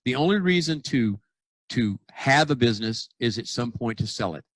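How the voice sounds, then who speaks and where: A dentist and consultant telling stories in a casual podcast conversation, acting out dialogue with lots of restarts. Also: male voice, mid-range voice, normal speed, no room sound, poor audio. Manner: animated storyteller, acts out quoted dialogue; frequent restarts and repeated words. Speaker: dentist and practice consultant guest.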